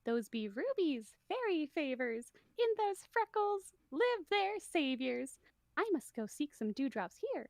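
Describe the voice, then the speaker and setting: A woman voicing a tiny sing-song female fairy in a very high, squeaky cartoonish voice during a casual read-through. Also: no echo, exaggerated voice.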